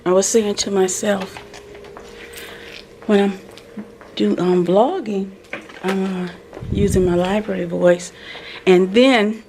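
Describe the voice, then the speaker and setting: This medium-pitched woman is a school librarian chatting into a phone camera she holds, her casual vlog talk rambling and full of self-interruptions. A faint hiss or hum is audible.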